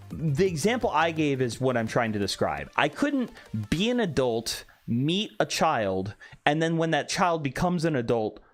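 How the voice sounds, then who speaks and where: A young man casually chatting on a live stream, reading chat aloud with a joking, candid manner. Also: fairly high pitch. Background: faint background music.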